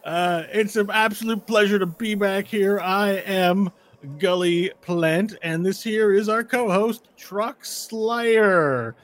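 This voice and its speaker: A man voicing an excitable tournament announcer speaking over an intercom in booming, showy patter. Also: slow. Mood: hyped.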